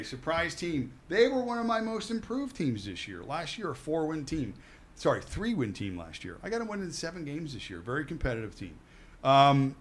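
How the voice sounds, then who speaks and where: A man's voice: on the high side, a bit bright. A man co-hosting a sports radio show, making casual football betting picks with a jokey, self-correcting manner.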